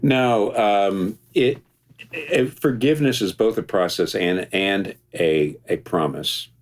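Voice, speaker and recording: A man, a pastor speaking as an interview guest, thinking aloud with frequent restarts and a touch of gentle humor. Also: lowish voice, slow pace. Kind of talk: reflective interview conversation.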